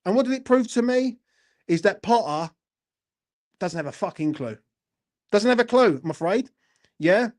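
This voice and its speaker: A man's voice: high voice, expressive, normal speed, pauses often. A man hosting a fan channel, delivering a furious, heavily sweary post-match football rant and often asking the viewer if they follow him. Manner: furious, heavily sweary, keeps asking "do you know what I mean".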